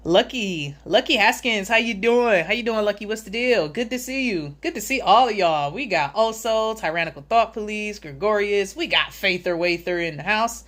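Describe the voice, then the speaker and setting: A woman's voice: medium pitch, lively intonation, moderate pace, a bit bright. A woman hosting a casual livestream, reading chat comments aloud, greeting viewers by name, and joking sarcastically with frequent laughs. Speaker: livestream host.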